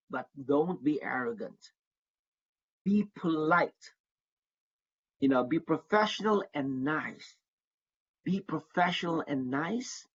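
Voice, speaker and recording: A man leads an online workshop as an advisor to international students. He sounds earnest and says his main points twice to drive them home. His voice is a little husky, and the call audio is dull and lo-fi. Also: sits high, a bit bright. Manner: earnest, repeats key advice for emphasis. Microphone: video call.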